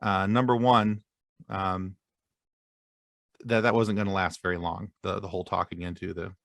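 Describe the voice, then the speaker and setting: A man talks on a podcast as a guest, pausing and restarting as he pokes fun at himself. His voice is low and gravelly with lots of fry, in a dry, close recording. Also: flat delivery, fairly bright tone, no echo. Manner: halting, many fillers and restarts, self-deprecating. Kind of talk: casual podcast chat.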